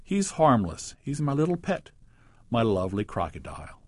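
A man's voice: medium pitch, sing-song, moderate pace, darkish tone, slightly rough, dry recording. A man reading a poem aloud and voicing a cheerful lady who sweetly scolds her pet. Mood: chiding.

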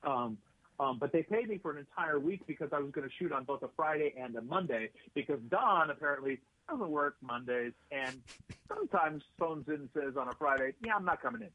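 A man's voice: medium pitch, a little hiss or hum. A man, an actor and writer, telling rambling anecdotes in a casual interview, full of fillers and restarts. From United States. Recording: tinny phone-like line.

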